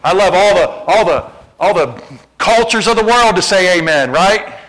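A man preaching from the pulpit with a voice pitched a bit higher than most men's. He moves between relaxed asides to his congregation and loud, emphatic declarations that climb in pitch. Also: moderate pace, poor audio. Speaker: pastor. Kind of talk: sermon.

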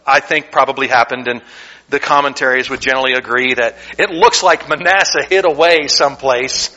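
A man's voice: medium pitch, brisk, sharp tone, lo-fi sound. A man from the United States, a pastor preaching a sermon in a church sanctuary, fervent, with self-deprecating joking asides.

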